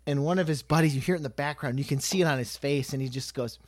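A man chatting casually on a podcast, animated and swearing freely. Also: fairly high pitch, fast, no room sound, clean studio sound. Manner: animated, swearing, quoting people in put-on voices.

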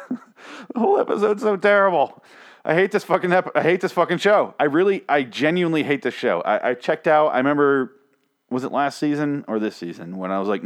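A man's voice: mid-range voice, sing-song, a little fast. A man hosting a TV review show, ranting in a casual, exasperated way, swearing often and restarting his sentences. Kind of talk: casual profane rant.

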